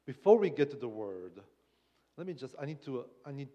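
A man from Poland with a Polish accent, preaching as a guest speaker in a humorous, halting way with many restarts. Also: mid-range voice, big pitch swings, dark tone, big-room sound. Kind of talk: sermon. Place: church sanctuary.

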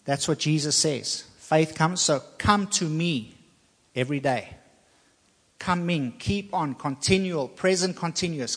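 A man preaching a sermon, speaking with slow emphasis and repeating phrases to drive points home. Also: fairly high pitch, fairly bright tone, in a large hall.

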